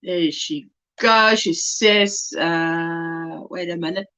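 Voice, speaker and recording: A woman's voice: fairly low pitch, takes it slowly, bright, forceful tone, clean tone. A woman with a South African accent hosting a casual crochet livestream, chatty and laughing often as she reads the chat aloud from her phone.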